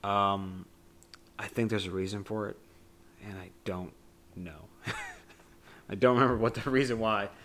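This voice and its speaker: Man, podcast co-host, casual, rambling, lowish voice. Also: fairly even intonation, measured pace, long pauses, a bit bright. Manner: rambling, hesitant with fillers. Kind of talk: casual movie discussion.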